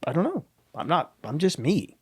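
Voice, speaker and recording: A middle-aged man, a guest and motivational speaker, telling a personal story with emotion and pausing often to search for his words. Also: a little high, wildly swooping pitch, breathy edge, no echo, studio quality. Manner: halting, searching for words, many restarts.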